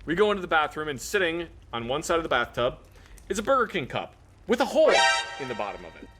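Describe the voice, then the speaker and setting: Bright, lively male storyteller. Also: fairly high pitch, quick pace, over loud music. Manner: amused, wry storytelling with quoted dialogue. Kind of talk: casual storytelling.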